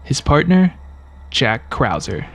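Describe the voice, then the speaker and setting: A man's voice: medium pitch, very animated, takes it slowly, vocal fry, fairly bright tone, soft background music. A man giving scripted video-game trivia narration, with wry, joking asides.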